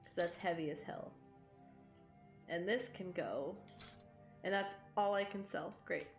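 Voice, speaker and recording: A woman's voice: lowish voice, measured pace, vocal fry. A woman with a scratchy throat chatting casually and swearing now and then while she streams a game, laughing often. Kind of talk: casual live-stream chat while playing. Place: home streaming setup. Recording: roomy echo with game music behind.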